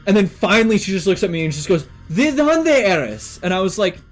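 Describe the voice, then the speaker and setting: Speaking rapid-fire in a high voice, a young man from Canada chats on a stream while soft music plays underneath. His talk rambles, full of fillers and swearing.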